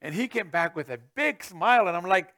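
A middle-aged man preaching a sermon as pastor, swinging from booming to hushed with chuckling asides. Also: animated, fairly quick.

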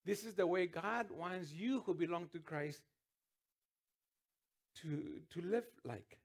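A man's voice: high voice, slow. A man preaching a sermon as pastor, earnest, with restarts and sudden emphatic rises.

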